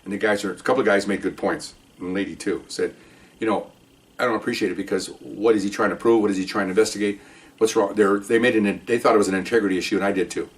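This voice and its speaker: The voice is on the low side and quick, captured from a distance. An older man who retired from the police tells a casual, rambling story with animation, checking in with "okay?" throughout.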